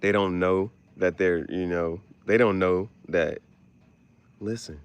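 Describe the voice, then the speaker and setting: A man hosting a casual podcast chat, animated and profane, often jumping into squeaky exclamations. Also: slow pace, clean tone. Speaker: podcast host.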